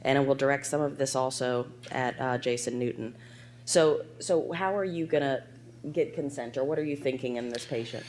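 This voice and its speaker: Hoarse woman moderating a medical panel. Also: very deep voice, moderate pace. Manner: reads case details in an even, clinical way. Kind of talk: presenting a clinical case at a medical conference. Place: conference hall.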